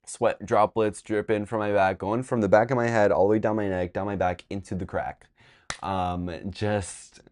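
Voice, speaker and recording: Low-voiced young man ranting a storytime. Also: fairly even intonation, moderate pace, darkish tone. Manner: rambling, exasperated storytelling with swearing. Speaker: vlogger. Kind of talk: storytime vlog.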